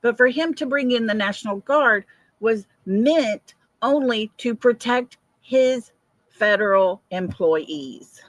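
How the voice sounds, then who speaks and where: A woman's voice: fairly high pitch, expressive, slow pace, no echo. An older woman hosting a casual livestream, chatting, answering viewer comments and laughing often. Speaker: livestream host.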